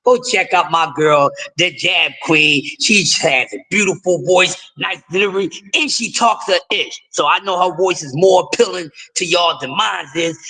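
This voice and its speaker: A middle-aged man talks sports on a casual live stream in a raspy, bright-edged voice. He sits high in his range and rambles in a loose, jokey way, doubling back on his words. He comes from the US East Coast. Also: rough recording. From East Coast of the United States.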